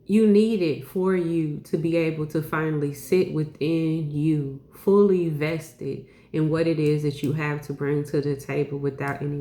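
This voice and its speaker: A woman delivers a channeled spiritual message, circling back on her phrases with emphatic repetition and casual asides. Her voice sits a little low for a woman. The room around her rings with a noticeable echo. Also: mellow. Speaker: spiritual reader.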